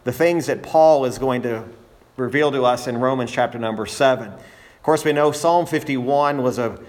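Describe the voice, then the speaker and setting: A man's voice: medium pitch, normal speed. A man preaching a sermon as pastor in a church, earnest, building emphasis and often restarting his phrases.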